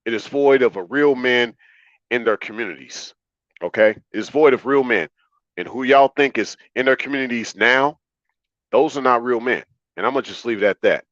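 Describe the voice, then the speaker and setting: A man's voice: medium pitch, normal speed, a bit bright, dry recording, dull audio. A man hosting a livestream monologue, talking in an emphatic, repetitive, preachy way. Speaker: livestream host.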